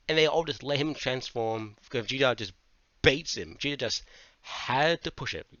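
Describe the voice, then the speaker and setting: A man's voice: mid-range voice, a little fast, no room sound. Guy ranting about a manga, swears a lot, dull dry lo-fi mic. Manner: animated, swears a lot, goes on tangents. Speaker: manga reviewer. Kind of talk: casual review monologue.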